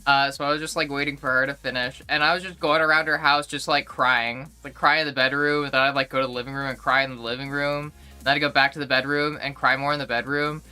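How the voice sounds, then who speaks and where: A woman's voice: rumbling low, little pitch movement, fast, few pauses, bright, forceful tone, clear, resonant tone, soft background music. A young woman streaming live, chatting casually and rambling with lots of fillers and restarts.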